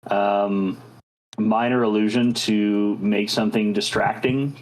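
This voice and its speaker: A man's voice: on the low side, fairly even intonation, slow pace, a little mellow, rough recording. A man playing a tabletop game, thinking aloud with some hesitation. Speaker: player.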